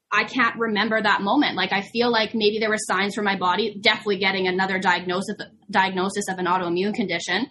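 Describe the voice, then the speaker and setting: Woman, casual chat, bright clear tone, talkative, faint background hum. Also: medium pitch. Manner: chatty, heavy use of "like", laughs easily. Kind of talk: casual conversation.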